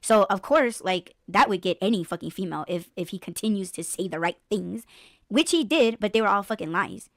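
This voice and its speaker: A woman's voice: mid-range voice, brisk, no echo, clean studio sound. A woman hosting a podcast, telling a story in blunt, profane casual chat. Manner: blunt, profane, animated storytelling with mock voices. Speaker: podcast host.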